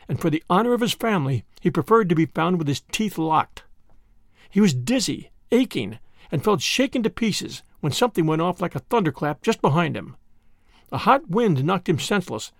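A male narrator reads a classic tale aloud as a storybook, full of dramatic, expressive energy. His high voice swoops a lot and has a gravelly edge. The recording is close and dry, with no room sound or echo.

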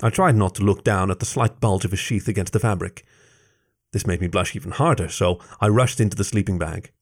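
A man narrating a first-person story aloud in a measured, soft-spoken reading. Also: low-pitched. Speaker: story reader.

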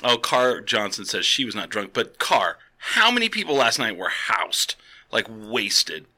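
A man's voice: on the low side, measured pace. A man co-hosting a casual chat, telling profane stories with laughter. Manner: animated, profane, laughing storyteller. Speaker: co-host.

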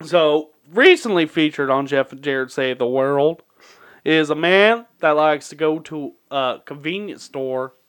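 A man's voice: on the high side, lively intonation, measured pace, fairly bright tone, smooth. A man co-hosting a podcast, telling a story in casual chat, swearing often and laughing through it. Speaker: podcast co-host.

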